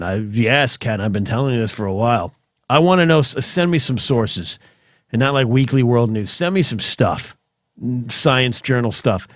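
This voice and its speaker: A man's voice: mid-range voice, no echo. American man, podcast host, rambling rant, stammering restarts, dry close sound. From United States. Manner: animated, swears, restarts and stammers, mock voices.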